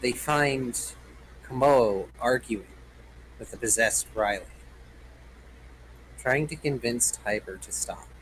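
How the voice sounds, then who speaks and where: A man's voice: mid-range voice, takes it slowly, pauses often, fairly bright tone, a little hiss or hum, rough recording. Man narrating as game master. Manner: storytelling, playful asides. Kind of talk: dramatic narration of a tabletop game.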